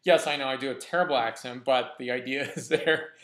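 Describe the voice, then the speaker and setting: A man hosting a casual wine review vlog, talking in a relaxed, enthusiastic way with frequent restarts. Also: medium pitch, brisk. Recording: roomy echo.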